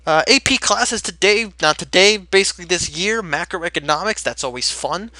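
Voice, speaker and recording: Bright-voiced energetic teen gamer. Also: male voice, sits high, normal speed, no echo. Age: late teens. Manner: energetic, rambling and chatty. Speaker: Let's Play host. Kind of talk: casual gameplay commentary.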